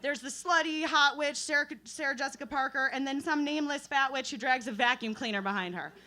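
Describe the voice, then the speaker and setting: A woman's voice: sits high, fairly quick, bright, forceful tone. A young woman doing a self-deprecating stand-up comedy set at an open mic, telling stories full of fillers and laughs. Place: open mic night at a bar.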